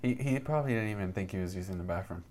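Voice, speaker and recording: A man's voice: low voice, lively intonation, rapid-fire, a crowd in the background. A young man co-hosting a casual podcast, speaking hesitantly, trailing off and tossing in jokes. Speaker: podcast co-host. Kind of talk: casual chat.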